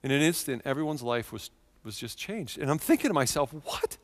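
A man in his thirties preaching a sermon in a church, telling a personal story with earnest feeling and swings from quiet to loud. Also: mid-range voice, sing-song, a little fast, big-room sound. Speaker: pastor.

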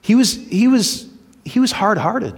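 A male preacher with a high, very lively voice delivers a sermon, rising to loud emphasis and then dropping to hushed lows. He acts out the people he quotes, and his voice carries a long hall reverb. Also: a little slow, husky. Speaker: pastor.

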